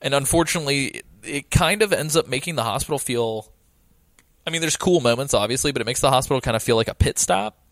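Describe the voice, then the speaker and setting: A man's voice: medium pitch, fast, fairly bright tone, no echo. A man in casual chat recapping a horror game with a co-host, enthusiastic and swearing freely, with many ums. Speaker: podcast co-host discussing a game.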